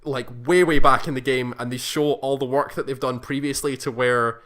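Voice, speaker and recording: Man, bright voice, middle pitch, casual rambling chat, self-correcting. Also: fairly even intonation, moderate pace. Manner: rambling, self-correcting, acts out quoted lines. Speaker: podcast co-host. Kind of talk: casual chat, recapping a game plot.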